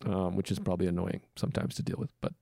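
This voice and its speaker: A man's voice: very fast, creaky. A male podcast host talking casually from a hotel room. He slips into other people's voices with sudden leaps upward. The sound is close and dry, with no room echo. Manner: animated, acts out quoted people with big jumps in pitch. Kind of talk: casual chat.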